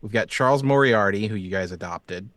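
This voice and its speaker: A man's voice: on the low side, brisk, fairly bright tone, no room sound. A man acting as game master, chatting easily about his tabletop game and laughing as he talks. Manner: easygoing, laughs while talking.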